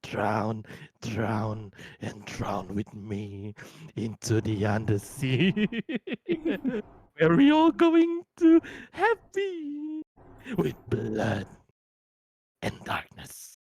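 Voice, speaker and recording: A woman voicing a sinister male nightmare-bringer who talks in falsely kind tones, swinging between sweet highs and low murmurs. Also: wildly swooping pitch, very slow, pauses often, a little mellow, dry recording, exaggerated voice.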